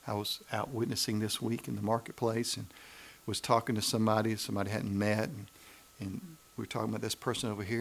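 A man preaching a sermon, swinging between emphatic rises and hushed, slowed passages, and repeating phrases for emphasis. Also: fairly low pitch, flat delivery, creaky.

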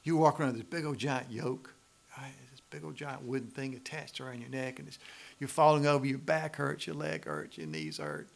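A man's voice: medium pitch, animated, a little fast, vocal fry. A man with a Southern US accent preaching a sermon in a conversational, pleading way, often asking the audience questions. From Macon, Georgia, US South. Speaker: pastor.

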